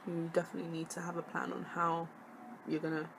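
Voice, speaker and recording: A woman's voice: lowish voice, monotone, fast talker, creaky, background noise. A young woman, a student vlogger chatting casually to camera, sassy and jokey with lots of laughing asides. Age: young adult.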